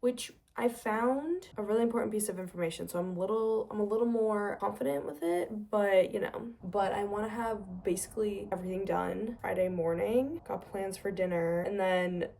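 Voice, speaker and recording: A woman's voice: medium pitch, moderate pace, creaky, few pauses, mellow. A woman in her twenties, a graduate student, chatting casually to camera in a diary vlog, tired and stressed, self-mocking and a bit dramatic.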